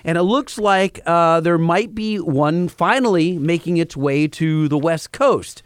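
A man with a somewhat high voice co-hosts a casual show, delivering news in an upbeat, loose way. The sound is dry and close. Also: unhurried, clean tone, no room sound. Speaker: podcast co-host. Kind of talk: casual radio chat.

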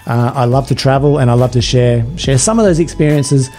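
Mellow-voiced Australian man, guest. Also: mid-range voice, fairly quick, soft background music. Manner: enthusiastic, persuasive, frequent word repeats. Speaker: podcast guest. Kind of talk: casual interview chat.

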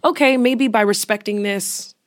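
A woman's voice: medium pitch, moderate pace. A young woman co-hosting a podcast, sharing a personal story in casual chat and often sinking into a near whisper. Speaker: podcast co-host.

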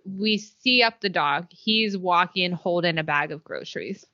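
Gushy woman chatting about a tv show, bright sharp voice, kinda muffled dry sound. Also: on the low side, a little slow, dry recording. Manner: gushing, excitable, swoons aloud. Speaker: podcast co-host. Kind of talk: casual chat recapping a TV episode.

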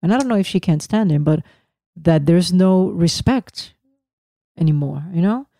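A woman's voice: on the low side, animated, moderate pace, dark tone, no room sound. Female podcast co-host, emphatic and repetitive, dry close sound. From Puerto Rico. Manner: emphatic, repeats words for effect. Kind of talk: casual chat.

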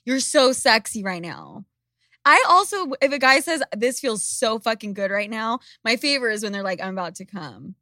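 A woman's voice: a little high, expressive, moderate pace, pushed and bright, no room sound, studio quality. A young woman co-hosting a podcast, teasing the others and asking probing questions in crude banter. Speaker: podcast co-host.

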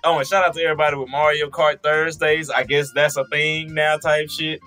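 A man's voice: fairly high pitch, flat delivery, fairly quick, bright, forceful tone, soft background music. A man co-hosting a podcast, talking in a laid-back, slangy way and laughing often. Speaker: podcast co-host. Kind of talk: casual chat.

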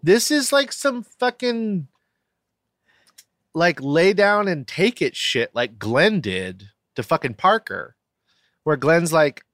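A man's voice: fairly high pitch, dry recording, studio quality. A man co-hosting a casual talk show, joking and ranting with lots of swearing. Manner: animated, profane, jokey rants. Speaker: podcast co-host. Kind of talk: casual chat.

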